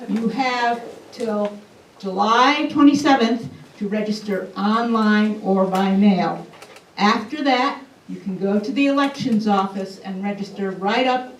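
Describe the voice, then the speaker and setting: A woman moderator speaks very slowly and deliberately, her fairly high voice sounding distant in an echoing meeting hall. Faint room noise sits under her words. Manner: slow, deliberate and instructive. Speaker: forum moderator. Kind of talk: closing announcements. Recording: echoey hall, distant mic.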